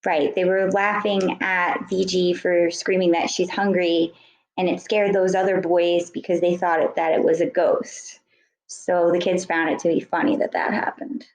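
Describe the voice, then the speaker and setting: A woman's voice: fairly low pitch, flat delivery, normal speed, echoey room, low-quality recording. A woman teacher reading a book chapter aloud to students, correcting her slips and stopping to explain words.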